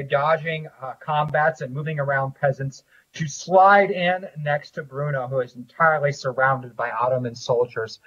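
A man narrating as game master, describing scenes and rulings in a measured way with frequent pauses. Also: fairly high pitch, fairly bright tone. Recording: dull lo-fi audio.

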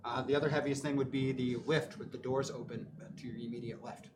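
A man narrating a tabletop game as game master, relaxed and descriptive. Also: mid-range voice, fairly quick, noisy background.

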